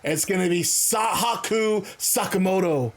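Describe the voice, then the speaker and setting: High-voiced male host, casual stop-start play-by-play. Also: measured pace, gravelly, slight background noise. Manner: rambling, stop-start phrasing. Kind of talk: casual wrestling play-by-play narration.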